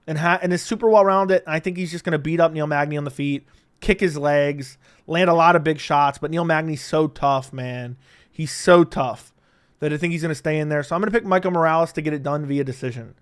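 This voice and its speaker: A man with a smooth, clear, slightly high voice talks through fight picks in a loose, unscripted monologue. He is blunt and cusses freely. He laughs often and jumps from loud bursts to mutters. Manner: blunt, profane, laughs often, animated swings in loudness. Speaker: MMA predictions commentator. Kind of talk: casual fight predictions monologue.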